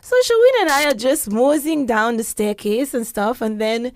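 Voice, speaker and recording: A woman telling a story in casual podcast chat, animated and acting out the quotes she tells. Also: normal speed, no echo. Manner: animated, acts out quotes with big pitch jumps.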